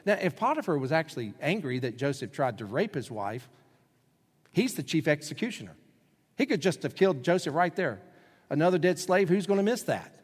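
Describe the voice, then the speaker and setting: A man preaching a sermon as a pastor, dramatic, swinging from loud emphatic lines to hushed ones. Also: fairly high pitch, sing-song, fairly quick, slightly rough, in a large hall.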